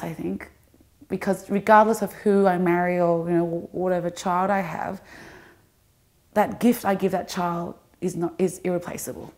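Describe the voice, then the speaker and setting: An actress and comedian talking casually and animatedly in an interview, with quick restarts. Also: female voice, lowish voice. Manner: animated, restarts, laughs often.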